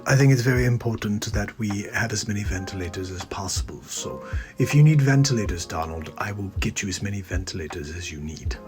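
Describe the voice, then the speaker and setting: A man doing impressions of famous businessmen in a breathy whisper and of a brash, rushed governor, with faint music behind. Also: lowish voice, lively intonation, pitched below the performer's own voice, natural voice. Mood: hushed.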